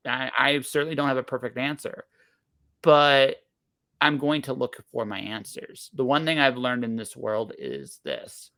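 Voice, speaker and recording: This is a man in his forties talking on a podcast in a blunt, emphatic way. He swears casually and keeps breaking off and restarting his sentences as he works his point out. His voice sits at an everyday middle pitch for a man. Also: expressive, unhurried, sharp tone. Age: 40s. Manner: emphatic and blunt, swears freely, frequent self-interruptions.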